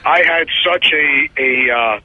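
A man rants into a radio show while pacing at a gas station, his voice very bright and a little husky. He starts and stops and restarts his sentences and works himself up. The sound is dry and close. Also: a little high, dry recording, lo-fi sound. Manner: rambling, halting restarts, heated. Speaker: radio segment contributor. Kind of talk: casual talk-radio commentary.

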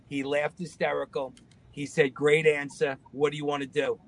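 Animated New man telling stories. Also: fairly high pitch, normal speed, vocal fry, low-quality recording. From Long Island, New York. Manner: animated, acts out other people's voices in his anecdotes. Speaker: guest. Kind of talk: casual storytelling.

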